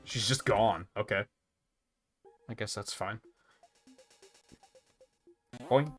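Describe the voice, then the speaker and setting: A man's voice: on the low side, fairly even intonation, unhurried, fairly bright tone, soft background music. A male streamer commenting sarcastically on a game as he plays, laughing and swearing casually.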